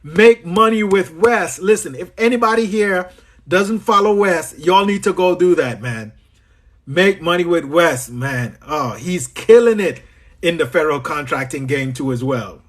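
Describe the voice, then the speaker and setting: Speaking with a Trinidadian accent, the business coach answers livestream questions at a measured pace, his pitch fairly high and tone fairly bright. He greets viewers by name, chats freely and tends to repeat himself.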